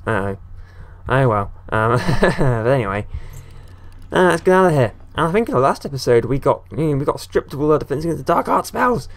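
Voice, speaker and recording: Excitable man rambling over a game. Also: mid-range voice, fairly quick. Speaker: gaming video creator. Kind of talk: casual let's-play commentary.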